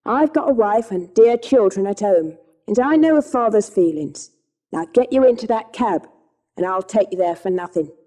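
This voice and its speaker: A woman voicing a good-hearted cab driver in a storybook, plain-spoken and steady. He is firm when refusing and gentle when comforting, with a mellow, low warmth. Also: moderate pace, close to an everyday voice. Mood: kindly. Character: kindly, devout middle-aged London cab driver, man.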